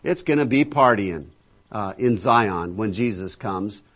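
Guy preaching, reads verses loud then chats w/ the room, lots of uh's. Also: expressive, a little slow. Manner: booming emphatic scripture reading, conversational asides; addresses listeners directly, filler-heavy. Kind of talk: sermon with scripture reading.

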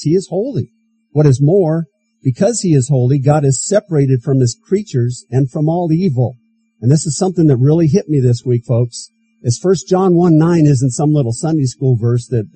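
A man's voice: medium pitch, mellow, breathy edge, rough recording. A man preaching a sermon as pastor, reading scripture aloud and repeating key phrases for emphasis.

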